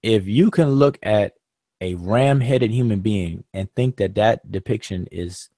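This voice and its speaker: A low-pitched man hosts a live-stream discussion, walking listeners through ideas in a patient, explanatory way. He talks loosely, with fillers and restarts. His voice sits close and dry on the mic with no room sound. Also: measured pace, mellow, dry recording. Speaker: host.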